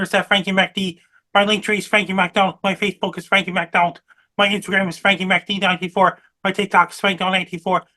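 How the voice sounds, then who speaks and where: A man giving a repetitive, earnest weather warning and then listing his social media handles in the same even tone. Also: high voice. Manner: repeats warnings and dates, flat delivery. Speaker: amateur weather forecaster.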